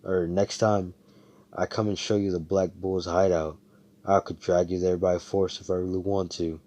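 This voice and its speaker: A man's voice: sits low, flat delivery, moderate pace, dark tone, voice pushed down, close to an everyday voice. A man voicing a brash, cocky young male fighter who talks bluntly and swears. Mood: defiant.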